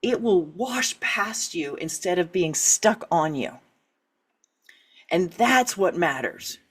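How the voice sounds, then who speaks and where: A middle-aged woman, an author and writing coach, speaking candidly as an interview guest. She is animated, laughs often and acts out quoted reactions. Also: fairly low pitch, takes it slowly, husky.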